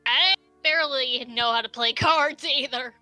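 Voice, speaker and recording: A woman playing a tabletop role-playing game who draws her words out slowly. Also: high-pitched, pushed and bright, no room sound, soft background music. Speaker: player. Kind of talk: casual tabletop game play.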